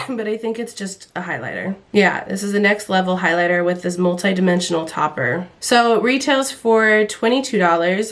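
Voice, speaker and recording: Woman, young adult, stuffy nose, slightly gravelly, chatty and self-deprecating, casual makeup vlog. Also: medium pitch, a bit bright. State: stuffy-nosed and hoarse from illness. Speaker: beauty vlogger.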